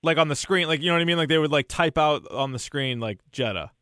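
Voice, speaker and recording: A man's voice: fairly high pitch, expressive, fast, pushed and bright, no echo, studio quality. A man co-hosting a casual movie discussion podcast, chatty and laughing often as he leads the questions. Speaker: podcast co-host.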